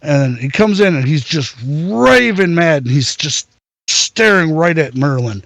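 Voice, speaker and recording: A man's voice: fairly high pitch, expressive, unhurried, gravelly, a bit bright, no room sound. A man narrating as game master in a loose, rambling way.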